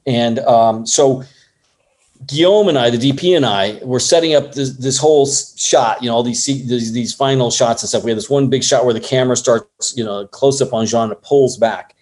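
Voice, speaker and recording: A man who works as an assistant director, telling a lively story in an interview and acting out other people's lines along the way. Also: mid-range voice, normal speed. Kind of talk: casual anecdote in an interview.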